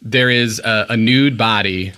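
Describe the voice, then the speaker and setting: Give me a man with a bright, slightly low voice describing scenes as game master, halting and rambling. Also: smooth. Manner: rambling, halting, lots of filler words. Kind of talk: narrating a tabletop game.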